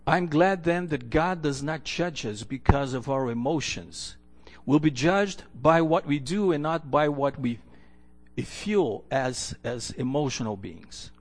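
Earnest male preacher, slightly high voice. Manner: earnest, storytelling preacher with repeated restarts. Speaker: pastor. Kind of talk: sermon.

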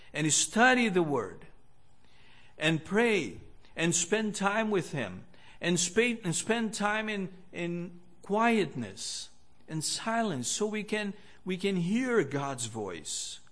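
A man with a notably high voice delivers a sermon at an unhurried pace. He speaks earnestly, measuring out each phrase and pausing often. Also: a bit bright. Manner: earnest, measured preaching with pauses. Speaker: preacher.

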